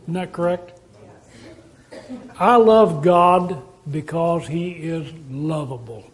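High-voiced preacher asking rhetorical questions. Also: male voice, takes it slowly. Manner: conversational, asks the congregation rhetorical questions. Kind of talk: sermon.

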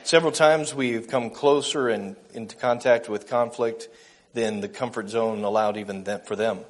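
A man preaching a gentle, earnest sermon, slowing down for emphasis and reading a story aloud. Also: medium pitch, steady tone.

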